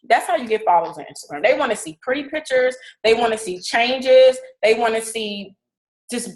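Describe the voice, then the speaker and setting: A woman's voice: a little high, moderate pace, low-quality recording. A woman coaching her team in a casual, direct way, often stopping to ask "okay?". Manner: casual, direct, repeats "okay?" to check understanding. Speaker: fitness business team leader.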